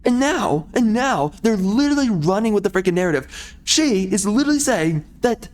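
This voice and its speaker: A man's voice: sits high, very animated, normal speed, darkish tone, a little hiss or hum. Ranting, rambling male game commentator. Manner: rambling, ranting, sarcastic asides. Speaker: gamer playing through a video game. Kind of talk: casual gameplay commentary.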